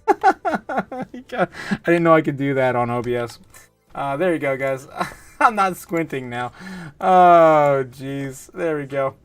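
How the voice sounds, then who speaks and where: A man's voice: a little high, sing-song, slow, fairly bright tone, clear, resonant tone, no echo, soft background music. A man hosting a casual livestream, reading viewer comments aloud and laughing often, close to a desk mic. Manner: giggly, laughs often, reads chat aloud. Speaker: livestream host.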